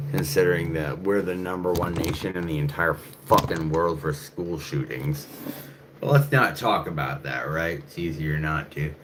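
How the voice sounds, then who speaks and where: A man rambling in a casual, profane monologue to camera, full of fillers and restarts. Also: sits low. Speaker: channel host. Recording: faint background noise.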